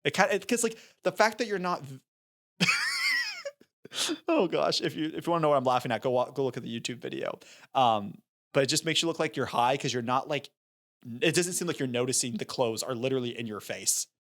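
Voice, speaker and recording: A man co-hosting a casual podcast, animated and jokey, laughing often. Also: mid-range voice, a little fast. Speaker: podcast co-host.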